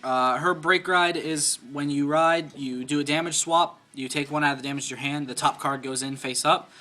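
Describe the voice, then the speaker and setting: A young man giving a casual profile of his card game deck, explaining card rules in a quick offhand way. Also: on the high side, fairly even intonation. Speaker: deck presenter. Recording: loud crowd chatter behind.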